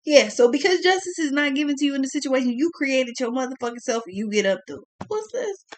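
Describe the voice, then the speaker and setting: A woman's voice: high voice, fast, a little hiss or hum. A young woman giving a blunt, profane tarot reading, exclaiming as she turns the cards. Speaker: tarot reader.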